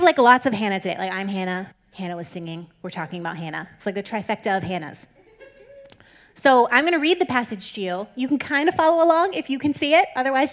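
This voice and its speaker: A young woman giving a casual Bible talk to a group, chatty and joking and laughing often. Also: a little high.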